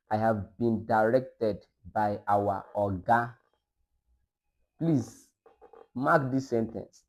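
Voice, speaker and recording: A man hosting a reaction video, commenting and reading a document aloud, halting with frequent hesitations. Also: lowish voice. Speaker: video host.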